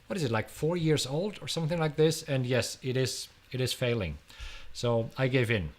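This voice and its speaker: A middle-aged man from Germany with a German accent, hosting a live stream and answering viewer questions in an energetic, chatty way that repeats words. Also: mid-range voice, moderate pace. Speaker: host.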